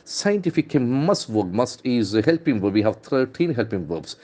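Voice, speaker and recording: A man's voice: medium pitch, sing-song, dark tone. A man with an Indian English accent teaching pronunciation from newspaper headlines, repeating words and spelling them out letter by letter. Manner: drills words aloud, repeating them slowly. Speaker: English trainer. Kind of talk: newspaper-based pronunciation lesson.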